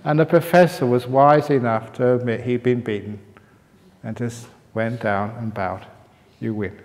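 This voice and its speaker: A man teaching as a Buddhist monk, mid-pitched and easygoing, who answers questions with funny, meandering stories. His voice carries a long reverb from a meditation hall. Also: fairly even intonation, moderate pace, darkish tone. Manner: humorous storytelling, reads questions aloud.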